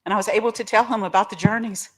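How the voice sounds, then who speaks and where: Middle-aged woman, recovery-meeting guest speaker; candid, heartfelt, quick to joke with the room. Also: mid-range voice, fairly even intonation, breathy edge. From Oklahoma. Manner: candid, emotional and joking, addresses the crowd directly. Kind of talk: personal testimony talk.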